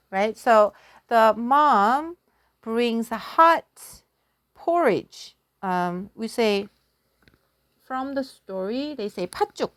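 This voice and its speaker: Woman teacher, unhurried and chatty, dry close sound, bit of a higher voice. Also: expressive, no room sound. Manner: chatty, giggly, self-deprecating. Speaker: language teacher. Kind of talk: casual storytelling lesson.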